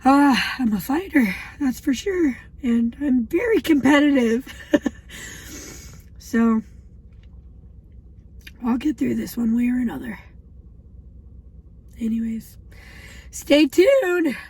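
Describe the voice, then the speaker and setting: A woman in her twenties talking in a personal video diary, halting and emotional, with many pauses. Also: high voice, animated, darkish tone, a little hiss or hum, poor audio. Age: 20s. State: shaky. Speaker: vlogger.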